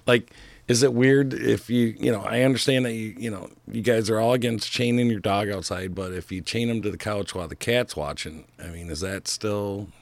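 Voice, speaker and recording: A man's voice: on the low side, moderate pace, creaky, no room sound. A man co-hosting a casual talk show, rambling and joking with frequent laughs. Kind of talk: casual chat.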